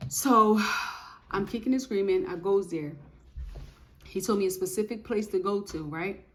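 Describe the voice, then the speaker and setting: A woman giving a casual spoken testimony of faith, telling her story in an animated, emphatic way with lots of repetition. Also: mid-range voice, normal speed.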